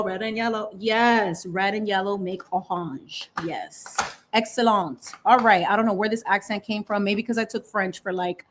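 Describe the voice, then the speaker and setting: A woman hosting a live painting stream from home, chatting with viewers in a playful, sassy manner. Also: mid-range voice. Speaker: livestream host. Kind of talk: casual chat while painting.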